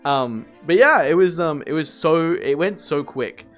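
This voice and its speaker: A man streaming live, rambling through animated work stories to his chat, swearing and laughing as he goes. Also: on the high side, a little slow, faint music behind.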